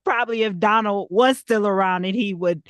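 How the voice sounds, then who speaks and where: A woman's voice: medium pitch, normal speed, clean tone, no room sound, studio quality. A woman hosting a conversational interview, affirming and playful, often checking in with "right?". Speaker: podcast host.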